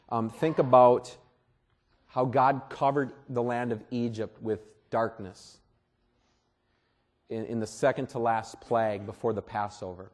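A man preaching a sermon as pastor at a church service, earnest and deliberate, often repeating words. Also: medium pitch, fairly even intonation.

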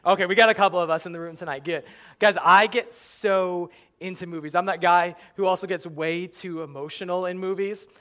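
A young man performing a stand-up comedy routine, telling animated stories and acting out his own reactions. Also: high-pitched, fairly quick. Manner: animated storytelling, acts out yelling at the screen.

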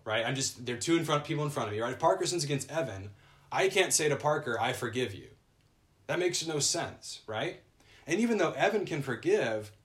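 Guy preaching a sermon, casual and chatty, keeps saying right?, average pitch. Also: a little hiss or hum. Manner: conversational, keeps asking "right?".

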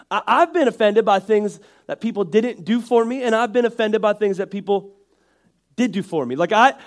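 High-voiced nasal Northeastern American preacher. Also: male voice. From Northeastern United States. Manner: conversational and joking, with frequent restarts and asides. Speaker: pastor. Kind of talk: sermon.

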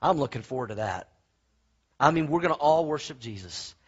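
A man preaching a sermon, animated and folksy, telling stories with asides to the congregation. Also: on the high side, a little fast, slightly rough, dull audio. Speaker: pastor.

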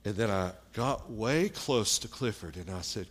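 A man preaching through a personal story in a low, unhurried voice. He speaks plainly, with pauses and fillers. The pace is very slow and deliberate. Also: animated. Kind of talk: sermon storytelling.

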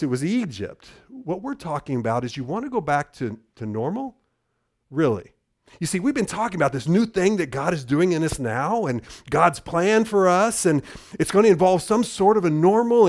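A middle-aged pastor with a fairly high-pitched voice preaches a sermon as a story. He trips over his words and repeats them, then drops to a low, hushed voice for the key lines.

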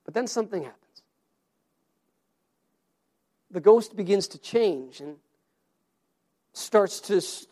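A man's voice: high voice, moderate pace, long pauses, darkish tone. A man preaching a sermon, earnest and story-driven, often repeating his words as he goes. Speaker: pastor.

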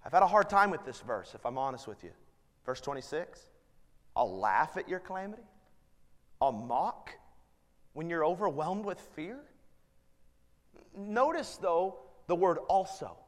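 A man's voice: a little high, very animated, a little slow, long pauses. A man in his thirties preaching a sermon as pastor, earnest and building to emphatic appeals. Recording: long hall reverb.

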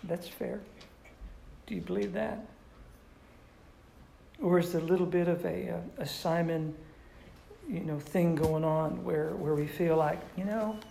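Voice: mid-range voice, unhurried, creaky, long pauses, warm tone. A pastor giving a conversational sermon who tells stories and asks the audience questions. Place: room with a live audience. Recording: roomy echo with faint background noise.

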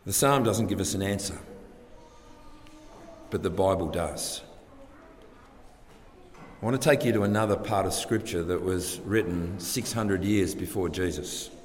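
A man preaching a sermon to a congregation, earnest and full of rhetorical questions, rising and dropping his loudness for emphasis. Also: sits low, a little slow, pauses often. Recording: long hall reverb, faint background ambience.

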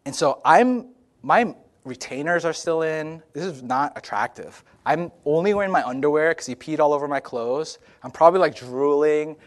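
A young man telling a comic personal story in a sermon-style talk, animated and lively. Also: a little high, normal speed.

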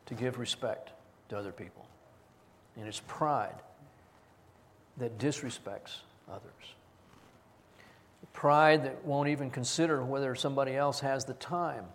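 A man's voice: mid-range voice, slight background noise. A man preaching a sermon as pastor, earnestly reading scripture aloud and stressing single words. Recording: long hall reverb.

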